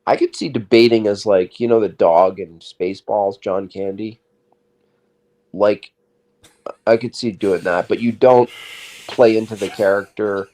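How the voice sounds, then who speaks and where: A man co-hosting a comedy podcast, talking in casual, deadpan, teasing banter. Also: unhurried, pauses often. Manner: deadpan, teasing, lively pitch. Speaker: co-host.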